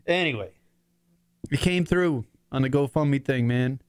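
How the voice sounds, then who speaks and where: A man's voice: medium pitch, unhurried, smooth, no echo. A man in his forties hosting his own talk show from his apartment, rambling and swearing as he fights back tears. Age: 40s. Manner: rambling, profane, choked up near tears. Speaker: podcast host. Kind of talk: emotional casual monologue.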